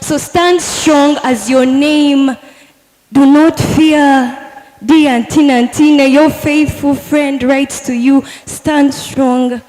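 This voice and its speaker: A woman's voice: sits high, mellow. A teenage girl performing an earnest spoken word poem at a live competition, speaking straight to a friend. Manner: earnest, addressing a friend directly in verse. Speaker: student poet. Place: large hall at a live competition. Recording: echoey hall with long reverb.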